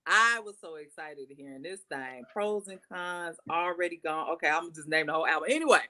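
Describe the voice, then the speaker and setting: A woman co-hosting a podcast, reviewing music in an exuberant, casual way, swooping high when excited. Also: fast. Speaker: podcast co-host.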